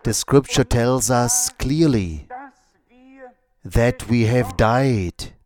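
Very slow, deliberate male preacher. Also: medium pitch, lively intonation, a little mellow. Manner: slow, measured preaching with long pauses. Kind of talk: sermon.

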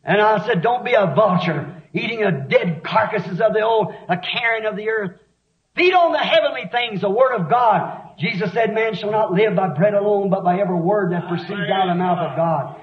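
A man preaching a sermon with fervent, rapid delivery that rises into shouts. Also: high voice. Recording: echoey dull lo-fi sermon recording.

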